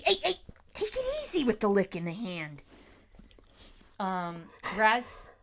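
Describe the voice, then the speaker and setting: Slow, halting woman chatting on a livestream. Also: medium pitch, pushed and bright. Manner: slow, halting, restarts often, talks to her dog between comments. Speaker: livestream host reading chat. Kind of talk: casual livestream chat.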